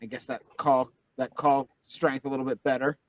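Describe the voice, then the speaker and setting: A man's voice: medium pitch, steady tone, moderate pace, background noise. A man narrating a tabletop game as game master, describing scenes loosely with many fillers.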